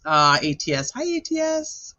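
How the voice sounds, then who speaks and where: Woman livestream host, bubbly, lively pitch, dull lo-fi audio. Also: moderate pace, no echo. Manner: bubbly, greets viewers by name, laughs often. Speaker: true crime livestream host. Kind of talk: casual livestream chat.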